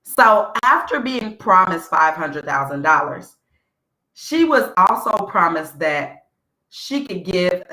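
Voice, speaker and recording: Blunt, animated woman podcaster, echoey room. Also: on the low side. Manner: animated, blunt, emphatic repetition. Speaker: podcast host. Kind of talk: casual commentary.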